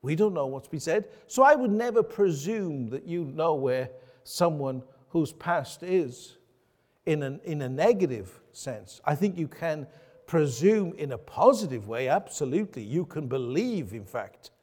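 A man's voice: on the high side, animated, unhurried, a little mellow, in a large hall. A man pastor preaching a sermon, earnest and emphatic, asking his congregation rhetorical questions.

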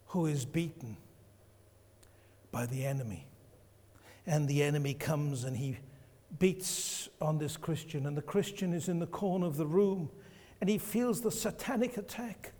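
A man's voice: on the high side, warm tone. A man preaching a sermon to his congregation, emphatic and repeating his key phrases. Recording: long hall reverb.

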